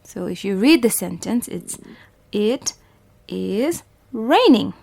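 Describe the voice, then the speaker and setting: A woman from Bhutan teaches young children phonics at a very unhurried pace, spelling out letter sounds and repeating each word with patience. Her voice sits in a middle range and is recorded close and dry, with no room around it. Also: medium pitch, expressive, creaky, darkish tone, no echo. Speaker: primary school English teacher.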